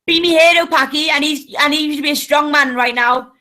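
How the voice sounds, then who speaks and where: A woman on a video call, bossing and mock-soothing someone in teasing banter, often breaking into shouts. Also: high-pitched, fairly quick. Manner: commanding, teasing, bursts into shouting. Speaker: chat participant.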